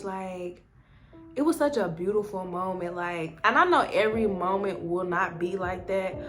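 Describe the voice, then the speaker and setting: Chatty woman vlogging over music. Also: mid-range voice. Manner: chatty, leans heavily on "like" and "um". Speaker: nursing student vlogger. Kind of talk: casual chat.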